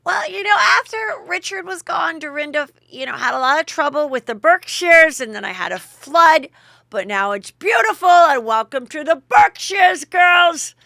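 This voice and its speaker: A woman doing an impression of a drunk, brash woman hostess who shouts her taunts. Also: sits high, expressive, moderate pace, vocal fry, few pauses, no room sound, clean studio sound, voice pushed up, full character voice. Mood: boisterous.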